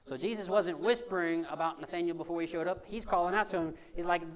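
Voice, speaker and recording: High-voiced pastor preaching conversationally. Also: male voice, lively intonation, fast. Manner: conversational, repetitive preaching with call-and-response. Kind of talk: sermon. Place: church sanctuary before a congregation.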